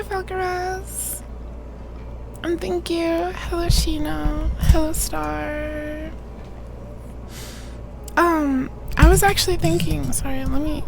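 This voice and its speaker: A woman live streamer chatting casually with viewers, greeting them by name, her throat irritated so she keeps clearing it. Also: high-pitched, a little hiss or hum, poor audio. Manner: greets chatters by name one after another; rambling, trailing restarts.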